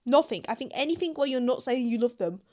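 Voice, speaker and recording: A woman's voice: high-pitched, expressive, fast, darkish tone. A young British woman reacting to online confessions in casual, blunt commentary, swearing freely. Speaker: YouTuber.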